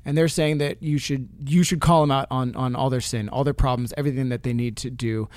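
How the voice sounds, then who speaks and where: A man co-hosting a casual faith podcast, speaking passionately and slowing down to stress his points. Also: mid-range voice, fairly even intonation, darkish tone, no echo. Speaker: podcast co-host.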